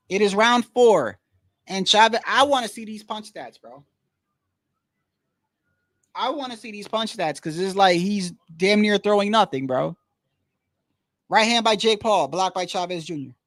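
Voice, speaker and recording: High-voiced man giving slangy fight commentary. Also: a bit bright, no echo. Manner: slangy, says "bro" constantly, blunt and opinionated. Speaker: live-stream commentator. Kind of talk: casual live fight commentary.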